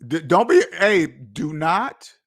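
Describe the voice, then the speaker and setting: A man's voice: on the high side, very animated, slow pace, a bit bright. A man hosting a finance channel, ranting casually, incredulous and repeating lines for emphasis. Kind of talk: casual livestream rant.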